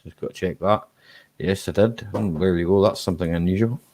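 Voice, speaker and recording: A Scottish man hosting a casual live-stream chat, relaxed and chatty, laughing easily and tagging his sentences with "eh?". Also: low-pitched, fairly quick. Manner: relaxed and chatty, ends lines with "eh?".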